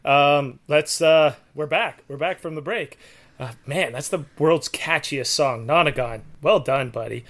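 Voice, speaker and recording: A man's voice: a little high, measured pace, fairly bright tone. A man co-hosting a podcast in an upbeat, playful, casual way. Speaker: podcast co-host. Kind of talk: casual chat.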